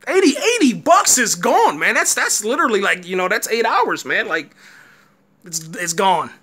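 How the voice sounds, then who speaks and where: A man's voice: sits high, very animated, moderate pace, bright, forceful tone. A man giving a live, rambling reaction rant, frustrated and full of fillers like "man". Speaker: boxing commentator host.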